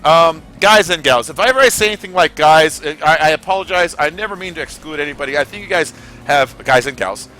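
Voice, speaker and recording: This Californian streamer talks fast in a fairly high, bright, forceful voice. He keeps up loose, chatty commentary over a racing game and swears without holding back.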